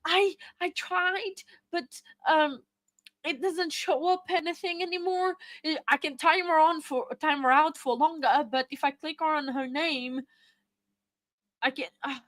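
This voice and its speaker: A woman's voice: high-pitched, fairly even intonation, slow pace, a bit bright, dry recording. A woman hosting a live stream in casual chat, flustered and apologetic as she reads and answers viewer chat. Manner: flustered and apologetic, many fillers.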